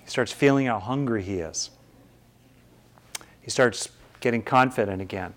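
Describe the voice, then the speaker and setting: A man's voice: fairly low pitch, fairly even intonation, moderate pace. A man who teaches meditation, giving a thoughtful talk to an audience and searching for his words as he goes.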